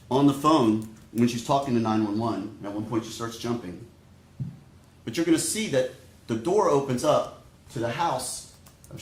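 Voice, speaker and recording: A man giving a prosecutor's opening statement to a jury, speaking deliberately and straight to the jurors. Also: mid-range voice. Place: courtroom. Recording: echoey courtroom audio.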